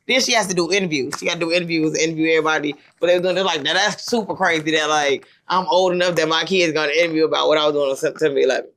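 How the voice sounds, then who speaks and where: A woman's voice: deep voice, very fast, hardly any pauses, a bit bright. A woman in her thirties hosting a podcast, telling rambling stories with lots of fillers in casual chat. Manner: rambling, storytelling with many fillers. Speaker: podcast host.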